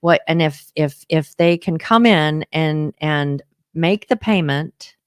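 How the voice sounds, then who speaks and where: A middle-aged woman co-hosting a business podcast, chiming in with agreement and quick asides. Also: low voice, clean tone, no echo, clean studio sound. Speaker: co-host, auto finance coach. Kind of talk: casual conversational podcast.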